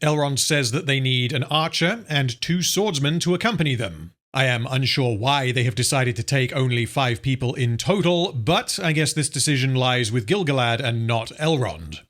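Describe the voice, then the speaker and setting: A man narrates a scripted film review in a medium-pitched voice. His delivery is dry and sardonic, and his criticism turns scathing and profane. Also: lively intonation, normal speed, hardly any pauses, a bit bright.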